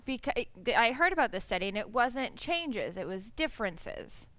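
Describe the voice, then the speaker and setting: A woman speaking as a panelist in a public forum discussion, brisk and conversational with frequent restarts. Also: on the high side, sing-song, pushed and bright.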